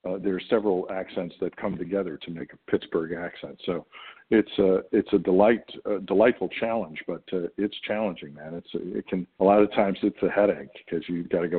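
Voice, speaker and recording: This is a guest actor, an American man in middle age, with a low, slightly rough voice and fairly even intonation. He speaks fairly quickly but thoughtfully in a relaxed interview, stumbling through many fillers and restarts on a tinny, phone-quality line.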